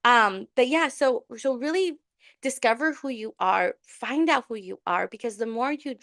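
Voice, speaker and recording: A woman's voice: on the high side, normal speed, fairly bright tone, no echo, studio quality. A woman giving a tarot and spiritual workshop in an earnest, encouraging casual talk, with many restarts. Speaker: tarot reader and spiritual coach.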